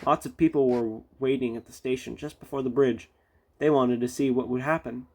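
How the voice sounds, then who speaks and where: A man's voice: mid-range voice, fairly even intonation, moderate pace, mellow. A man reading a children's railway storybook aloud with little chatty asides. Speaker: storybook reader.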